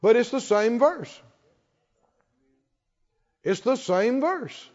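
A man preaching a sermon as pastor, leading the congregation in call-and-response and building to emphatic shouts. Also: very high voice, lively intonation, extremely slow, long pauses. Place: church sanctuary. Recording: reverberant hall, dull lo-fi sound.

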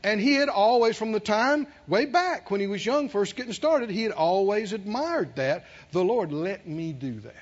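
A man's voice: high-pitched, moderate pace, few pauses. A man preaching a sermon, telling a story with laughter and calling out to the congregation. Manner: animated, calls out to the congregation, laughs while telling. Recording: dull lo-fi sermon recording.

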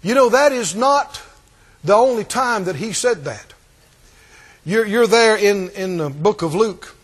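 Man preacher, very high voice, lively swings, acts out scripture with laughs. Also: measured pace. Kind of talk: sermon.

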